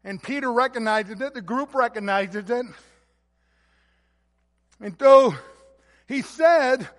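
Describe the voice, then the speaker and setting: A man's voice: very high voice, slow, long pauses, fairly bright tone, in a large hall. A man preaching a sermon as a pastor, emphatic and building in force on key words.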